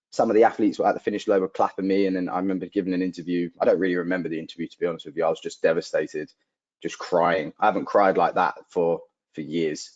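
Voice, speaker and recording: A man's voice: sits low, darkish tone. A young man, a guest athlete telling a personal story in an interview, acting out the dialogue he quotes and often saying "like". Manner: vivid retelling, acting out quoted dialogue, frequent "like" fillers. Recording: dull lo-fi audio.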